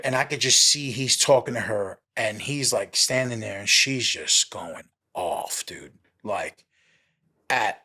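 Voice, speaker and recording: A man, a former police officer, telling a story as a podcast guest in casual speech, animated, peppered with "right?" and "you know" and the odd swear. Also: mid-range voice. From New York City.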